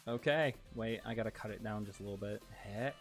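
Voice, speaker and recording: A man chatting casually on a livestream, excitable and giggly, swearing freely as he reads chat. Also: on the low side, quick pace, soft background music. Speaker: streamer.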